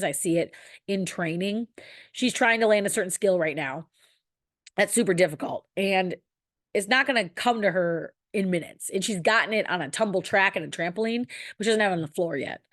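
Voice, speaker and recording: A woman in her thirties with a medium-pitched voice hosts a podcast, recorded dry with clean studio sound. In a personal monologue, she speaks candidly and emotionally, swearing casually.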